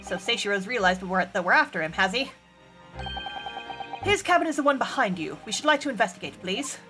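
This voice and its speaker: A woman's voice: medium pitch, lively intonation, brisk, lightly acted. A woman voicing a pompous male Victorian great detective, grandiose and formal, over game music. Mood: scheming. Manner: grandiose, theatrical, formal diction.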